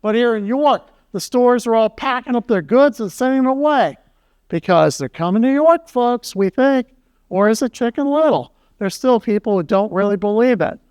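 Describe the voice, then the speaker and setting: A man's voice: very high-pitched, lively intonation, normal speed, darkish tone, smooth, no room sound. A man presenting a public history lecture to a local audience. He talks in a folksy, conversational way and drops wry asides to the crowd.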